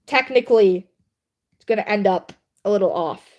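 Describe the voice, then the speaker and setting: A woman's voice: medium pitch, moderate pace, muffled recording. A young woman livestreaming, chatting casually and laughing at herself while editing her writing. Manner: self-deprecating, chatty, laughs often. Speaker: livestreamer and writer.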